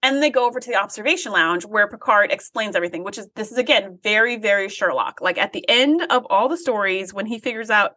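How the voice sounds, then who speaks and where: A woman's voice: medium pitch, fast, hardly any pauses, bright, forceful tone. A woman co-hosting a podcast, chatting casually and thinking aloud while quoting characters. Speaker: podcast co-host. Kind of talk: casual chat recapping an episode.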